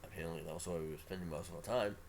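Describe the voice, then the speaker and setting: A man's voice: deep voice, fairly even intonation, rapid-fire, creaky, a little mellow, slight background noise. A male streamer reading a story game aloud, with casual, offhand asides. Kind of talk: reading a visual novel aloud.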